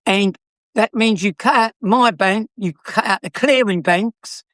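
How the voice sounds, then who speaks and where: A little slow and fairly bright in tone, the high-pitched voice belongs to an older South London man who used to sell cars. He tells anecdotes chattily and cheekily, laughing a lot, in a dry, studio-quality recording.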